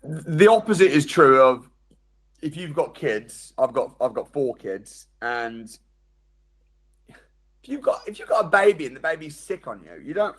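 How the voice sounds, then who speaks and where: A man's voice: fairly high pitch, a little slow, pauses often. A man speaking to a live seminar audience, addressing them directly with questions and acting out the inner voices he describes. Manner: animated, acts out quoted inner voices. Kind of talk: live motivational seminar talk.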